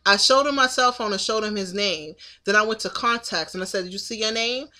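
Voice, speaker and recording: A woman's voice: mid-range voice, a little fast, sharp tone. A woman in her thirties telling a story to the camera in a casual, indignant venting monologue. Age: 30s. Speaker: vlogger.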